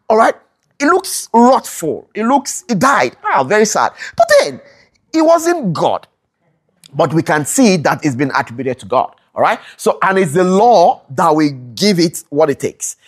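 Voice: medium pitch, sing-song, normal speed. A Bible study teacher who explains scripture, asks rhetorical questions, repeats them for emphasis, and keeps checking in with listeners. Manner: checks in with listeners, keeps asking "all right?"; corrects themselves mid-sentence.

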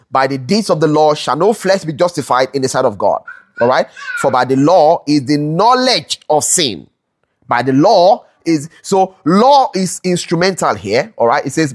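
A Bible study teacher with a medium-pitched, expressive voice speaks at a moderate pace while explaining scripture. They pose rhetorical questions and repeat them for emphasis, keep checking in by asking "all right?", and correct themselves mid-sentence.

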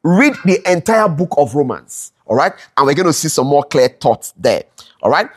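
Husky and mid-range, this voice swings widely in pitch at a moderate pace. It belongs to a Bible study teacher who explains scripture through repeated rhetorical questions, constantly asks listeners "all right?", and fixes their wording mid-sentence.

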